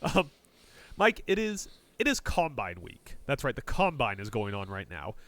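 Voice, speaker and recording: A man's voice: mid-range voice, moderate pace. A man co-hosting a casual sports podcast, joking around, punning and swearing as he leads the segments. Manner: jokey, excitable, swears, punning asides. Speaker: podcast co-host.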